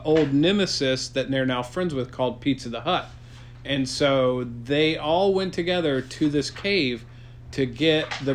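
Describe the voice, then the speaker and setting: A man improvising a silly story for his child, playful and rambling with deadpan jokes. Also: mid-range voice, a little hiss or hum.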